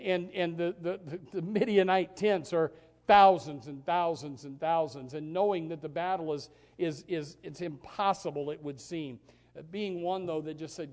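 A high-pitched male pastor delivering a sermon in a folksy, stammering way. He swings from hushed, tender quotations of God to loud, emphatic exhortation. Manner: drops to a hushed voice when quoting God, then rises loud and emphatic; stammering restarts, folksy asides.

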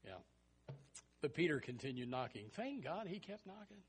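A man preaching a sermon in a folksy, animated way, full of rhetorical questions and chuckling asides. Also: a little high, moderate pace, breathy edge.

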